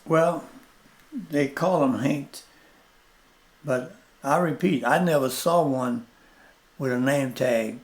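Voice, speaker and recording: An older man, a plainspoken interview guest telling stories slowly and repeating his points. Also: medium pitch. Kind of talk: storytelling in casual conversation.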